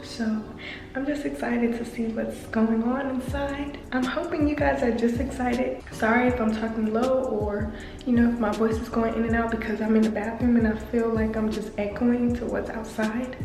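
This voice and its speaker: A woman's voice: fairly high pitch, steady tone, normal speed, reverberant, music in the background. A young woman vlogging casually, chatting straight to her viewers with lots of filler words. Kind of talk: casual vlog chat to viewers.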